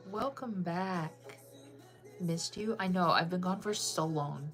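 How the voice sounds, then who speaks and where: A woman's voice: lowish voice, slow, soft background music. A woman chatting casually with viewers on a live stream, bubbly and full of "like" fillers.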